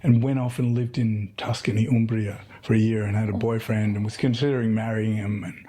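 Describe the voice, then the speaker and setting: A middle-aged man with a husky, mellow voice wanders through anecdotes in a relaxed interview. His tone is dark and breathy, and he keeps stopping to restart his sentences. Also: lowish voice, brisk. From Tasmania, Australia. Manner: rambling storyteller with many fillers and restarts. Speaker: guest. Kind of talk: casual conversational interview.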